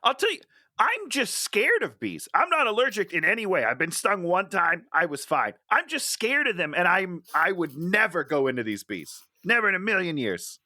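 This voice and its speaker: A man's voice: high-pitched, wildly swooping pitch, normal speed, sharp tone, dry recording, studio quality. A man co-hosting a podcast in casual chat, mocking and swearing, laughing often. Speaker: podcast co-host.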